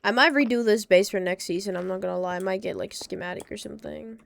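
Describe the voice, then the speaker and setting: A woman streaming a game, chatting casually and getting excitable, repeating exclamations and humming to herself. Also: mid-range voice, fast, creaky. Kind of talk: casual gaming stream chat.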